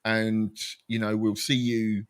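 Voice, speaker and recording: A man's voice: fairly low pitch, monotone, slow pace, smooth. A man co-hosting a casual online chat show over a video call, talking in a rambling, self-deprecating way. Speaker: co-host.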